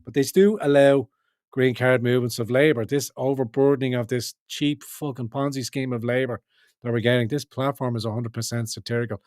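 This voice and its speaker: A man's voice: mid-range voice, steady tone, a little fast, darkish tone, no room sound, studio quality. A man hosting a livestream, delivering rambling political commentary in an emphatic, profane way with many restarts. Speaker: livestream host.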